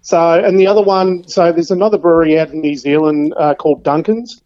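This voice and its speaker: A man's voice: a little high, fairly quick. Man rambling on a muffled phone line. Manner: relaxed, rambling, many "um"s. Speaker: phone-in beer reviewer. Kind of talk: casual chat on a phone line. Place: calling in from elsewhere.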